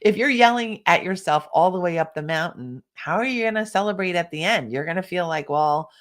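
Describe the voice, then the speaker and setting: A woman's voice: on the low side, lively intonation, brisk. A woman leading a live online workshop, speaking encouragingly to participants and stopping now and then to cough and sip tea. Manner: encouraging, reads chat comments aloud. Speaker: workshop coach.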